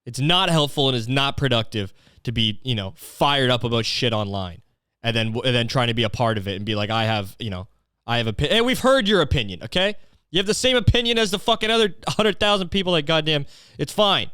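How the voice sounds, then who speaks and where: A man's voice: a little high, pushed and bright, clear, resonant tone, no echo, clean studio sound. A young man hosting a comedy podcast, ranting sarcastically with plenty of swearing. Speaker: podcast host. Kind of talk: solo comedic rant.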